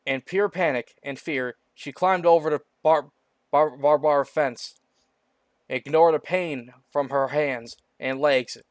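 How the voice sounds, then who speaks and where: A man's voice: fairly high pitch, takes it slowly, clean tone, no room sound. A man reading a homemade story aloud in a casual way, often tripping over words and starting lines again. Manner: stumbling over words, frequent restarts. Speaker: story reader.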